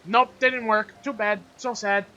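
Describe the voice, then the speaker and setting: A young man hosts a live stream, bantering with friends in a teasing, animated way and leaning on lots of fillers. His voice has a bright, forward edge. The mic sounds slightly muffled, with a faint hiss underneath. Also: high voice, a little slow. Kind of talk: casual chat among friends.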